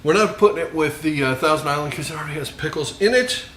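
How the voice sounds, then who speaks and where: A man's voice: a little high, quick pace, fairly bright tone, a little hiss or hum. Joking man tasting burgers in echoey kitchen. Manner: jokey, enthusiastic, savoring food with murmured mms. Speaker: home cooking video host. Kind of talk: casual cooking vlog with tasting. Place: home kitchen.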